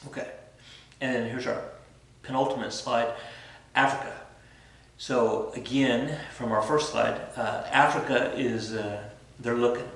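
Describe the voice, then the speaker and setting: A man's voice: medium pitch, steady tone, unhurried, pauses often, fairly bright tone, a little hiss or hum. A male teacher giving a casual, rambling lecture with lots of self-corrections and fillers. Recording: very echoey room, from far off the mic.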